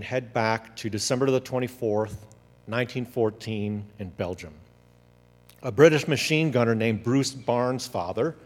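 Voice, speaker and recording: A man telling a story as a talk, animated and acting out the quotes. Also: mid-range voice. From United States. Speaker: speaker. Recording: long hall reverb.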